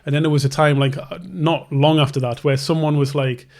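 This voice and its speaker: A man's voice: a little high, steady tone, fairly quick, darkish tone. Rambling man telling a story. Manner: rambling, self-interrupting, acts out both sides of conversations. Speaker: tattoo artist, podcast host. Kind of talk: casual storytelling chat.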